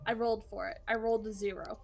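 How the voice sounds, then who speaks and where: A woman's voice: on the high side, level tone, fast talker, vocal fry. A woman playing in a tabletop role-playing game, chatting casually and joking. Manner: joking, laughs easily. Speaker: player.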